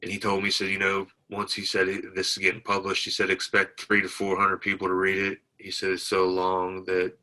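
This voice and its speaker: Low monotone guy, bit of a drawl, telling his story to an interviewer. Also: brisk, few pauses, low-quality recording. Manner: plainspoken, retells dialogue with many "I said". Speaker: veteran guest.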